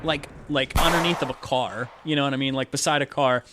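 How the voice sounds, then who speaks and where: A man's voice: mid-range voice, steady tone, brisk, background noise. A man narrating as game master in a casual tabletop session, rambling with many fillers. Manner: rambling, lots of filler likes, laughs often.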